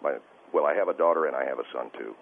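A male caller on a radio show, talking in a halting, stammering and distressed way over the phone. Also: a bass voice, gravelly. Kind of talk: call-in radio conversation. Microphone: telephone. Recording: tinny phone line with faint hiss.

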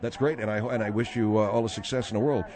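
A man's voice: on the low side, fairly even intonation, fast, a crowd in the background. A man hosting a radio chat, stammering and hesitant as he speaks. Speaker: host.

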